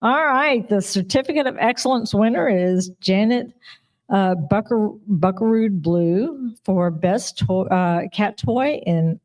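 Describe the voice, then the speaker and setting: A woman's voice: mid-range voice, unhurried, darkish tone. A woman reading out award winners at a live ceremony, chatty and giggly, apologizing when she trips over names. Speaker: awards presenter.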